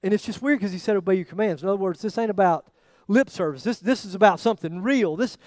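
High-voiced preacher, dramatic swings. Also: male voice, fast, no echo, clean studio sound. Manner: dramatic, acts out biblical quotes with swings in loudness. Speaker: pastor. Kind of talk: sermon.

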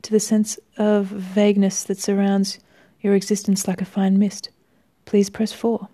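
A woman's voice: mid-range voice, monotone, unhurried, mellow, natural voice. A woman reading out the options of an automated phone menu in a bland, recited way.

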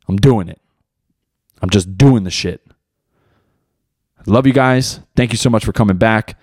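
A man's voice: lowish voice, a little slow, long pauses, darkish tone, dry recording, clean studio sound. A young man hosting his own podcast in casual solo talk, loose and rambling, heavy on slang and swearing. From United States. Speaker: podcast host and beginner stand-up comic.

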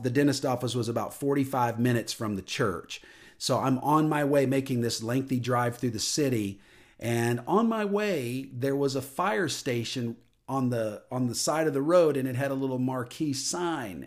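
A man giving a personal testimony into a microphone, telling a story earnestly and dropping soft and low at emotional moments. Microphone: studio microphone.

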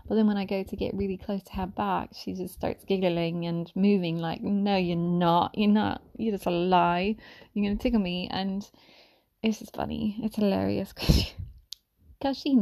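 A woman speaks in a soft-spoken ASMR manner, often dropping to a whisper. Her tone is mellow and dark, with plenty of gravelly vocal fry. She meanders gently, with frequent ums and restarts. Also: mid-range voice. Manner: meandering, with many fillers and restarts. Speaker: mother sharing reflections.

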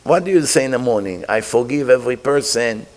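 A man's voice: mid-range voice, animated, fairly quick. A man teaching a Torah class, asking his listeners rhetorical questions and mixing Hebrew terms into his English. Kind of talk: religious class.

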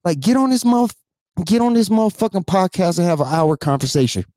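Man in his thirties, higher voice, dark tone, dry sound: tearful profane rant to camera, lots of sighs. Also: fast talker, no echo. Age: 30s. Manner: profane, repetitive, keeps asking "you know what I'm saying". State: tearful, sighing. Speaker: vlogger. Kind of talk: emotional unscripted rant to camera.

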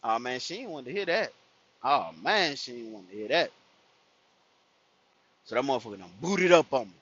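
A man's voice: mid-range voice, lively intonation, normal speed, a bit bright, slightly rough. A man telling a personal story in casual, profane street slang, acting out the people he quotes. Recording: dull lo-fi recording.

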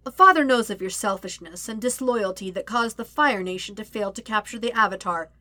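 A woman's voice: medium pitch, brisk, pushed and bright, no room sound, lightly acted. Azula: a woman voicing a crooning, cruel princess. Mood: gloating. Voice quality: sing-song, crooning taunts. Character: cruel, gloating teenage princess sister. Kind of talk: audiobook-style fiction reading.

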